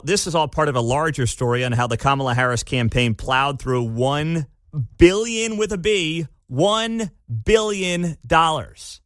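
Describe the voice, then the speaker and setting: A man's voice: a little high, fairly bright tone, no echo, studio quality. A man hosting a talk radio show, giving sarcastic, opinionated commentary in a chatty way. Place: radio studio. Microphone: studio mic.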